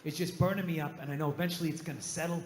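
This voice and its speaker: A man with a high voice rants through a profane stand-up bit. He drops to a low mutter, then bursts back out loud. The sound rings with long hall reverb and a faint hiss. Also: fairly even intonation, very fast. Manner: ranting, profane, swings from loud outbursts to muttering. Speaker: stand-up comedian. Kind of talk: stand-up routine.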